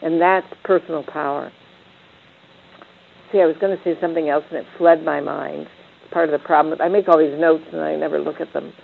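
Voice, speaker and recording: A woman's voice: deep voice, fairly even intonation, brisk, creaky, slight background noise. An older woman leading a reflective panel talk, meandering with frequent restarts and fillers. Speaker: discussion leader. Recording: tinny phone-like line.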